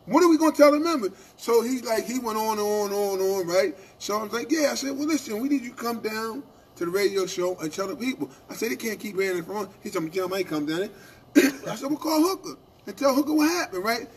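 A man co-hosting a union radio show, telling animated stories in casual talk and asking "right?" after his points. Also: sits high, fast, slight background noise. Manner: animated storytelling, acting out quoted exchanges, repeated "right?".

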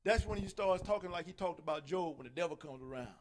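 Animated preacher man. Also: high-pitched, fast talker, slight background noise. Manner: animated preaching, folksy, acts out quoted voices. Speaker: pastor. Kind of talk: sermon.

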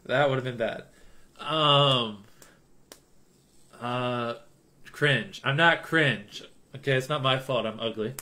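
A man's voice: medium pitch, takes it slowly, long pauses, sharp tone. A young man livestreaming in casual, rambling chatter, joking and reading chat donations aloud. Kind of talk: casual live-stream chatter.

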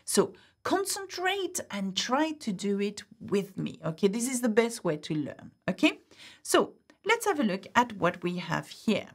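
A woman's voice: medium pitch, very animated, a little slow, breathy edge. A woman teaching a French grammar lesson, patiently explaining step by step and often checking in with "okay?". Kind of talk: online language lesson.

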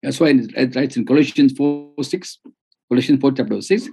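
A man's voice: medium pitch, normal speed, gravelly, darkish tone, faint music behind. A man teaching a Bible study as a sermon, stressing and repeating his key phrases.

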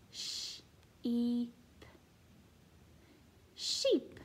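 A reception class teacher gives a recorded phonics lesson to young children, sounding out letters and praising them in a sing-song, encouraging way. Her voice is high, with slight background noise.

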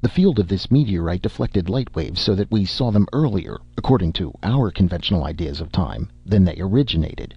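A man's voice: sits low, lively intonation, fairly quick, hardly any pauses, mellow, husky, no echo, muffled recording, full character voice. A man voicing a driven young scientist. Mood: excitedly explaining. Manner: urgent, stammers when upset.

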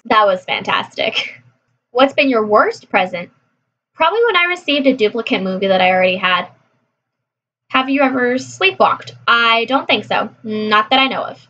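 A woman from California chatting casually through a list of questions, answering briskly with frequent laughs. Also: a little high, pushed and bright, highs cut off. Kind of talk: casual chat.

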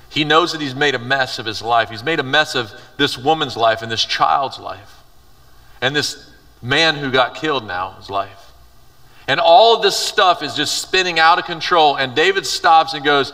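Bright-voiced youth pastor in a big hall. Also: male voice, medium pitch, normal speed, distant mic. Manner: conversational, reads scripture aloud and paraphrases it. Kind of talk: youth sermon. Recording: reverberant hall, voice from afar.

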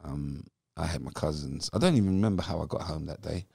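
A man's voice: extremely low pitch, lively intonation, fast, gravelly, darkish tone, breathy edge, dry recording, studio quality. A British man in his fifties, a former footballer, guest on a podcast, telling his story animatedly and acting out what people said. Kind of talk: storytelling interview.

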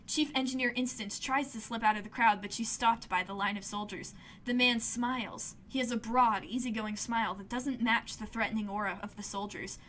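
A woman reads a story game's text aloud to her viewers in a high, bright voice. She is lively and quick to exclaim when something happens. Faint room ambience sits behind her. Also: a little hiss or hum. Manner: lively, exclaims and swears at events. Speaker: game streamer reading aloud. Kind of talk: reading game text aloud with reactions.

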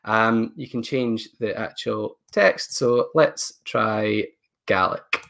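A man's voice: fairly low pitch, slow pace, gravelly, a bit bright. A man leading a live online training session, talking casually and thinking aloud as he clicks through settings on a computer mic. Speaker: education technology presenter.

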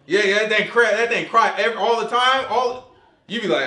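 A man preaching an informal sermon in slangy, animated talk, acting out voices as he goes. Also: high-pitched, brisk. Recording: echoey room.

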